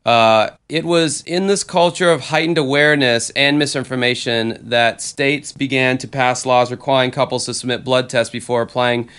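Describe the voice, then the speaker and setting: A man's voice: mid-range voice, fairly even intonation, normal speed, hardly any pauses, a bit bright, smooth. A man co-hosting a podcast, chatting bluntly and swearing freely, often restarting his sentences. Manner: blunt, profane banter with frequent restarts. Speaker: podcast co-host. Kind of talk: casual chat.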